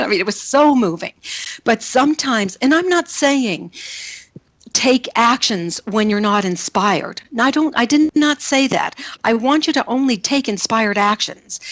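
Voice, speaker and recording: A woman's voice: a little high, no room sound, dull audio. A middle-aged woman, a film producer and coach, telling emphatic stories in an interview and acting out quoted voices. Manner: animated, acts out quotes with shifting voices; repetitive, emphatic storytelling. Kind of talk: conversational storytelling interview.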